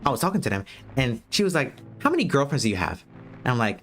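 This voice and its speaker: An American man talks straight at his viewers in a casual livestream, blunt and profane as he lectures. His pitch swings up and down a lot as he talks. A little music plays quietly behind him. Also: very animated, fast talker. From United States. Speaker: streamer giving dating advice.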